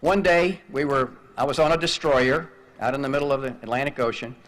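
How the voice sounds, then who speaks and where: An older man giving a graduation speech, telling a personal story in an animated way and acting out radio calls. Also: medium pitch, brisk. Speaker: commencement speaker.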